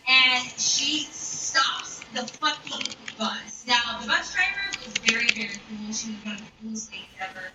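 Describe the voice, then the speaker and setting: A woman's voice: a little high, moderate pace, few pauses, very noisy. Profane young woman telling a storytime. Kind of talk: casual storytime. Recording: roomy distant mic with background video playing. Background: YouTube video playing in the background.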